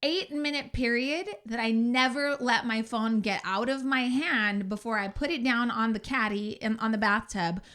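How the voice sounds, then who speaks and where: A woman co-hosting a podcast, telling a story in an animated, emphatic way. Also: on the high side, moderate pace, few pauses. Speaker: podcast co-host. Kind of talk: casual podcast chat.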